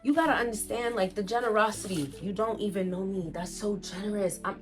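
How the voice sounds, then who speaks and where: A woman's voice: mid-range voice, brisk, faint music behind. Gushing young woman unboxing plants. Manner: gushing, excitable, talks straight to viewers. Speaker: plant vlogger. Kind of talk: casual unboxing vlog.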